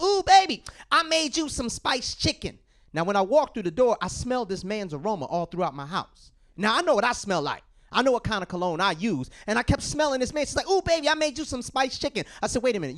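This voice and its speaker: Male stand-up comic, high, bouncy delivery, acts out characters. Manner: animated storytelling with acted-out voices. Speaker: stand-up comedian. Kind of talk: stand-up routine. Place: small comedy studio stage.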